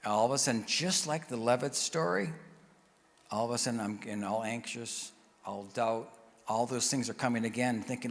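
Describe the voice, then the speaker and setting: A man giving a personal testimony sermon as a guest speaker, telling his story in an animated way and acting out the voices of the people he quotes. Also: medium pitch, normal speed, vocal fry. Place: church sanctuary. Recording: long church reverb.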